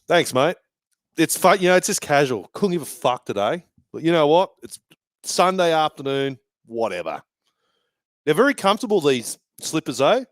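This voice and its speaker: A man's voice: on the high side, sing-song, normal speed, no echo, clean studio sound. A man hosting a fan live stream from a bar, giving casual, sweary match commentary and banter.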